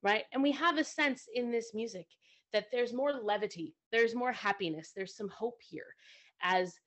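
A woman co-host teaching music at the piano, talking conversationally and often checking in with her listeners. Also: mid-range voice.

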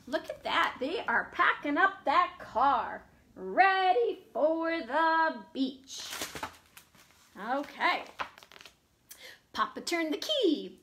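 A woman librarian reading a picture book aloud to young children, animated and expressive, with gasps and sound effects. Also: sits high, extremely slow, long pauses. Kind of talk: children's storytime read-aloud. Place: at home.

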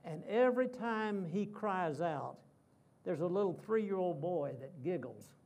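A man with a high-pitched speaking voice delivers a sermon in a church. He tells a long story with dramatic pacing and circles back to the same vivid phrases again and again. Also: animated, unhurried, darkish tone. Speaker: guest preacher.

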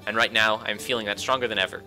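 Man playing a gentle sweet-talking sailor. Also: fairly low pitch, fairly even intonation, fast talker, poor audio. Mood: tender. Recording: faint music behind.

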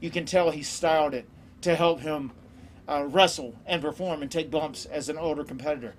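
A man's voice: fairly high pitch, normal speed, slight background noise. A man in his forties, a guest on a live online auction show, telling stories in an easygoing way and laughing often. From American South. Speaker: guest wrestler. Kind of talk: casual chat.

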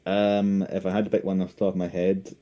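Deep dark husky rambling man. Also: monotone, quick pace, muffled recording. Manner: rambling, hesitant, laughs often. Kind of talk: casual podcast chat.

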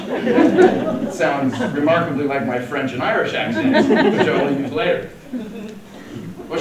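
A man in his forties from Colorado telling a story at a conference in a wry, self-deprecating, joking manner. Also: on the high side. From Denver, Colorado, USA. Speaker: conference speaker. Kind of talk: humorous keynote storytelling. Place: large conference hall. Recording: echoey hall, distant mic, faint noise.

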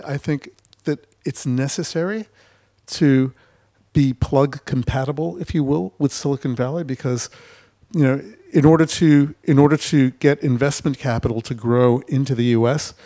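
A man holds forth on an investor panel at a festival, mid-pitched and conversational. He tells his points as stories and breaks into acted-out quotes along the way. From United States. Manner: animated storytelling, acting out mock quotes. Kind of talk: panel discussion. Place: festival stage.

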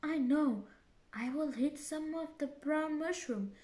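A woman voicing Alice, an earnest, puzzled young girl, in a bright, emphatic girlish voice for a storybook reading. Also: high-pitched, slow, echoey room, voice pushed up.

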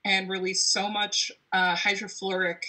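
A woman speaks as a guest scientist, explaining things step by step in a measured, conversational way. Her voice is bright with a husky edge, and she adds dry little asides. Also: medium pitch, flat delivery, rough recording. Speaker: guest volcanologist.

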